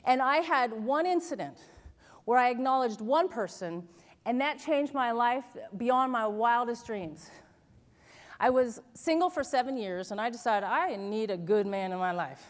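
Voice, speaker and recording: A woman motivational speaker telling stories in a keynote speech, animated and laughing, asking the audience questions. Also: on the high side, unhurried. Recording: large hall with long reverb.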